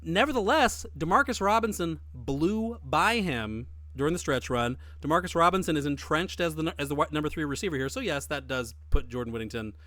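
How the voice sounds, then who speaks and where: A man co-hosting a podcast in casual chat, talking emphatically with lively swings in his voice. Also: fairly quick, hardly any pauses, no room sound. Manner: emphatic, animated, with big swings in pitch. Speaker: podcast co-host.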